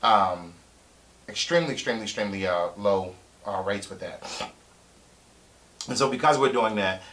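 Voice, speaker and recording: A middle-aged man, coaching on a live stream, excitable, repeating key points for emphasis. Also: fairly low pitch, moderate pace. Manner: breaks into loud shouting impressions. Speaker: real estate coach. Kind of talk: live-stream sales pitch.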